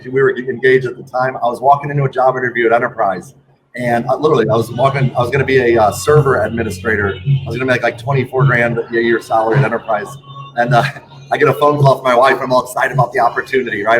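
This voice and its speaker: A man's voice: mid-range voice, fast, a little hiss or hum, rough recording. A man in his forties telling a rambling personal story as a podcast guest, with many restarts. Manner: rambling, restarts often, laughs while telling. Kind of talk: casual storytelling. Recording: music playing under the voice. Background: music.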